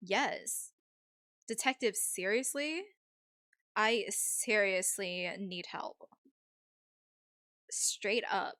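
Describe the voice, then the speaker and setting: A woman's voice: mid-range voice, animated, drawn-out words, pauses often, pushed and bright, no echo, studio quality, exaggerated voice. A woman voicing a vain, stylish young witch girl in a put-on Valley girl accent, reading a game's lines. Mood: vain drawl.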